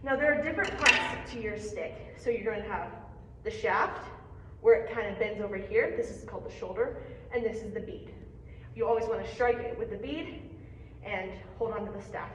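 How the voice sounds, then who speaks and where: A woman's voice: mid-range voice, moderate pace, noisy background. A young woman giving a patient, encouraging percussion lesson, explaining strokes step by step. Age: young adult. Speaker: percussion teacher. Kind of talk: hands-on music lesson. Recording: echoey room, mic far off.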